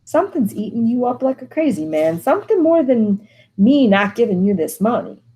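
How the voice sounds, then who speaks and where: A woman reading the part of a stern, weary older mother, speaking earnestly with her pitch lifted above her usual voice. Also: sing-song, moderate pace, dark tone. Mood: pleading. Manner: earnest, pleading, dialogue read with a lifted pitch.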